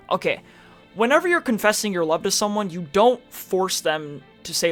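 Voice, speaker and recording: A man's voice: sits high, animated, normal speed, fairly bright tone, faint music behind. A man streaming casual reddit reaction commentary, chatty with sarcastic asides, reading posts aloud in a mocking tone.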